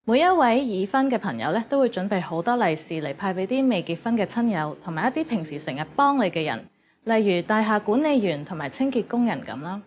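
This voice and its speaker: Woman teacher, scripted lesson narration, clear and measured, mid-pitched. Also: very animated, darkish tone. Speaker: language teacher.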